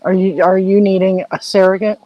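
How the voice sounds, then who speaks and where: A woman's voice: mid-range voice, flat delivery, a little fast, dry recording, lo-fi sound. A woman with an American accent, a panel guest on a call, chatting and asking lots of curious questions. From United States. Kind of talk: casual chat. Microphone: online call.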